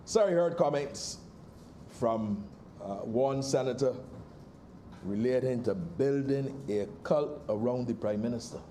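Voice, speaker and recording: A man with a Barbadian accent, a senator giving a measured parliamentary speech in the senate chamber that builds to emphatic points. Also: mid-range voice, dark tone, a little hiss or hum.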